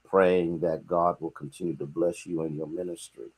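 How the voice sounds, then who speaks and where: An American pastor with a very low voice leads a midweek sermon online. He talks in a folksy, conversational way and greets his viewers one by one as he goes. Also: flat delivery, normal speed, slightly rough.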